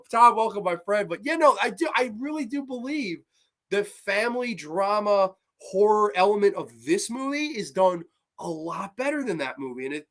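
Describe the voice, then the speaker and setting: Excitable, foul-mouthed man, slightly high voice. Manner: excitable, profane, full of fillers. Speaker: horror movie reviewer and show host. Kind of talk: casual live-streamed movie review.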